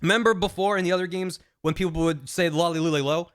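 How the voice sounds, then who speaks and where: Man, slightly high voice, casual stream chat, rambling, lots of ums and restarts. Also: fairly even intonation, fast talker, fairly bright tone, clean tone. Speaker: streamer explaining a game plot. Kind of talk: casual retelling with acted-out quotes.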